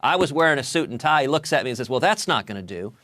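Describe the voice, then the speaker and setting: Male political guest of middle pitch, recounting a story with animated delivery and stuttered restarts, dry close sound. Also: fast talker, dry recording. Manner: animated storyteller who repeats words when starting sentences. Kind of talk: storytelling in a TV interview.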